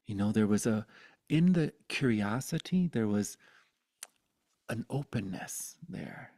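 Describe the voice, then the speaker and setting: Gravelly man telling his story. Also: fairly low pitch. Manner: animated, swears freely, quick restarts. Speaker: guest sharing his life story. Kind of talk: candid personal storytelling.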